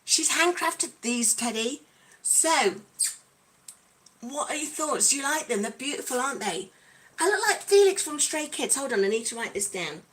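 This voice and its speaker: A woman's voice: high voice, sing-song, moderate pace, fairly bright tone. A woman hosting a casual livestream, chatty and bubbly, calling out her viewers by name. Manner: playful, breaks into song. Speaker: livestream host.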